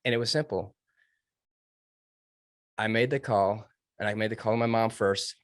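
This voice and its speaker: Man, low voice, dry close sound, earnest, emotional, halting. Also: fairly even intonation, dry recording. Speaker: guest, former Navy SEAL trainee. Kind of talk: personal story told in an interview.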